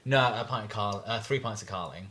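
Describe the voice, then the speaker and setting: A young man chats loosely on a podcast, his voice sitting low yet sounding bright and forward. He stumbles through anecdotes with repeated words and fillers, circling back as he goes. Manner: rambling storyteller, halting with many restarts. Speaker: podcast co-host. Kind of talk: casual chat.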